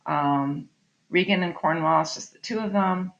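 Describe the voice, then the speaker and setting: A woman's voice: fairly low pitch, moderate pace, gravelly. A middle-aged woman teacher giving a recorded online literature lesson, explaining in a chatty way and often checking in with "right?". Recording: slightly dull lo-fi audio.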